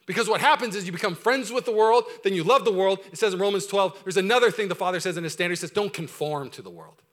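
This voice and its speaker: Fast, bright-voiced energetic male pastor. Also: sits high. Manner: energetic, swings from loud urgent preaching to quiet intimate asides. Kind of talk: sermon.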